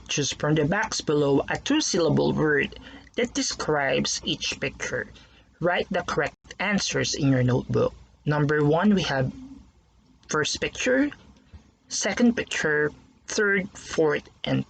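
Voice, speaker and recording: A teacher giving a recorded lesson to young pupils, slowly sounding out words syllable by syllable. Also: medium pitch, animated, gravelly, fairly bright tone, a little hiss or hum, rough recording.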